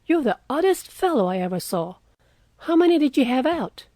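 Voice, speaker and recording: A woman voicing a teasing, good-natured wealthy young man in an audiobook reading, with a lively, coaxing way of talking. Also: high voice, normal speed, no echo.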